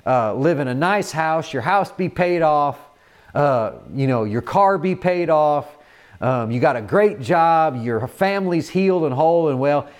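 A man preaching a sermon in an earnest manner, often repeating words and filling pauses with "uh". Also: on the high side, lively intonation.

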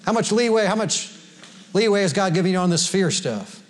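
A man's voice: high voice, animated, brisk, slight background noise. A man preaching a sermon to a congregation in a folksy way, laughing often and quoting scripture. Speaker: pastor. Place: church sanctuary before a congregation.

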